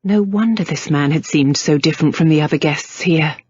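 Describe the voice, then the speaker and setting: A woman narrating an audiobook in a measured, even way. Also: low voice, slightly rough, highs cut off. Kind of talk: scripted narration.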